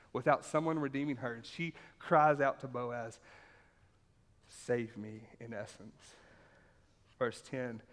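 A man preaching a sermon and reading scripture aloud, talking conversationally, repeating points for emphasis and often asking the room "right?". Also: mid-range voice. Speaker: pastor. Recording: reverberant hall.

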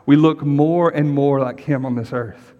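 A man's voice: on the high side, steady tone, measured pace, in a large hall, lo-fi sound. A middle-aged man, a pastor, preaching a sermon in a casual, conversational way and often checking in with the congregation. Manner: conversational, asks the congregation questions and repeats "right?".

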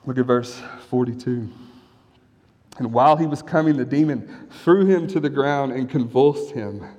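A man's voice: mid-range voice, moderate pace, darkish tone, big-room sound. A man preaching a sermon as pastor, in a conversational way, often asking his listeners rhetorical questions. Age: young adult or middle-aged, has kids.

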